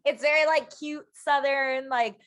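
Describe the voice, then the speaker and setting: A woman's voice: high-pitched, measured pace. A young adult woman co-hosting a podcast in casual chat, telling stories animatedly. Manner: animated storyteller, slips into playful voices. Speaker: podcast co-host.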